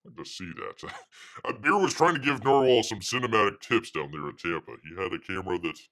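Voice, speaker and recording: A man's voice: on the low side, lively intonation, a little fast, a bit bright. A man hosting a casual livestream, rambling with many fillers and calling himself by his nickname. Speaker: livestream host.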